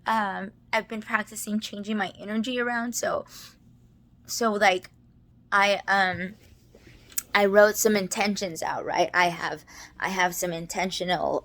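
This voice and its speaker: A woman's voice: mid-range voice, steady tone, unhurried, a bit bright. A married woman talking to camera in a rambling, confessional monologue, full of restarts and filler words and often close to tears. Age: adult, married. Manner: rambling, restarts, many "like"s, tearful laughs. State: emotional, near tears. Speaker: personal vlogger.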